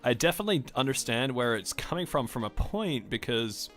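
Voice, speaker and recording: A man's voice: medium pitch, sing-song, fairly quick, fairly bright tone, soft background music. A man from Australia rambling in a casual rant over gameplay, with strongly emphasized R sounds and a self-questioning way of talking. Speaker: gaming vlogger.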